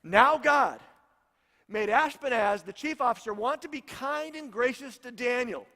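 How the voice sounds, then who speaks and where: A man with a high, bright voice preaches a sermon, telling the story and circling back to repeat his main points. His words ring out with a long reverb through a church hall. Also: animated, a little slow, creaky. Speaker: pastor.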